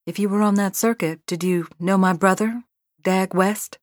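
A woman's voice: mid-range voice, steady tone, normal speed, no room sound, studio quality, close to an everyday voice. Woman narrator doing a blunt feisty ranch wife. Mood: brisk.

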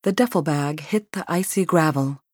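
Female audiobook narrator, low register, dry studio read. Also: normal speed, darkish tone, no room sound. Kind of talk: scripted narration.

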